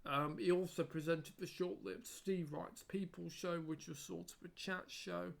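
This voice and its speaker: Guy doing a casual tribute vlog, kinda gravelly, lots of ums and restarts. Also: high voice, fairly even intonation, measured pace. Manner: hesitant, frequent ums and restarts. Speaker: video creator.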